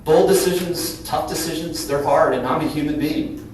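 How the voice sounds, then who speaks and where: A man's voice: on the high side, steady tone, moderate pace, darkish tone. Earnest man in a very echoey hall. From Cincinnati, Ohio. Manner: earnest, conversational, with frequent "right?" tags. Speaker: company CEO speaking at a business breakfast. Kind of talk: candid talk to a live audience. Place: large event room. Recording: very echoey hall from far off, faint hum. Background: occasional audience laughter.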